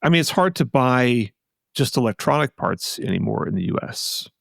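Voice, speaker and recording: A man's voice: medium pitch, animated, moderate pace, gravelly, a bit bright, no echo, studio quality. A man co-hosting a podcast, chatting casually and rambling with many restarts and asides. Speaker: podcast co-host. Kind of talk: casual chat.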